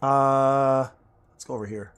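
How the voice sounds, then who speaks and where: Here the streamer's voice is mid-range, smooth and fairly bright, with a steady tone and a slightly slow pace. He plays a game on stream, reading chat and rambling through crude, casual jokes with viewers.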